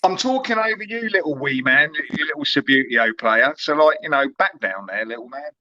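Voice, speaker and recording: Mocking man with a bright lively voice. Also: fairly high pitch, fairly quick, muffled recording. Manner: mocking, insulting, talks over others. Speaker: livestream panel guest. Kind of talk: heated argument on a livestream.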